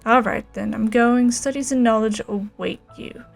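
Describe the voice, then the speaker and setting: A woman's voice: on the high side, fairly even intonation, moderate pace, vocal fry, faint music behind. A woman voicing a haughty, scheming middle-aged male noble who talks down to his ward, reading game dialogue aloud. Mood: smug. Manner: smug, condescending.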